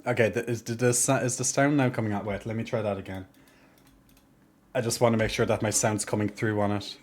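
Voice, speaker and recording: A man's voice: lowish voice, fairly even intonation, a little fast. A young man live-streaming at his gaming desk, chatting casually with viewers. He rambles and often restarts his sentences. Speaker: game streamer.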